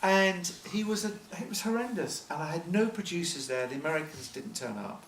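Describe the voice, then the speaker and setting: In an echoey hall with a distant mic and faint noise, a film producer answers interview questions before an audience. His voice sits on the high side, lively and fairly bright, moving a little fast as he tells rambling, self-deprecating stories with lots of restarts.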